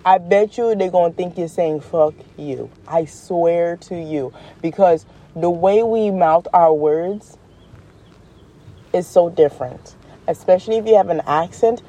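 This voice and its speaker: In no particular hurry, a woman on her own podcast chats away in an easygoing, spirited monologue full of slang. She punctuates it with laughter and sudden rises in pitch to underline her points.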